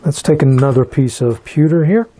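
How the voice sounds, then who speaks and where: A man teaching metal forging in a hands-on demonstration, talking in a relaxed and halting way and repeating words while he works. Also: on the high side. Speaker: metalsmith instructor.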